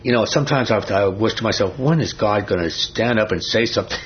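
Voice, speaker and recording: A man's voice: lowish voice, expressive, fairly quick, a little hiss or hum. Male preacher teaching a Bible study, emphatic and questioning, captured on a dull lo-fi recording. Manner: emphatic, repeats "I'm telling you", asks the listeners questions.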